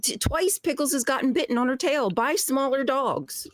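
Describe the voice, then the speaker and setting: A woman who is a guest on a talk show, telling a story in an animated, exasperated way with frequent laughs. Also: sits high, moderate pace, no echo. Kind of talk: casual chat.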